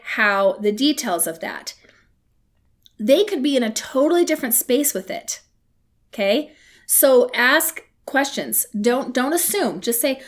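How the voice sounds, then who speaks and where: Female podcast host, slightly high voice, casual teaching, candid with cheeky asides. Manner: candid and conversational, with playful asides.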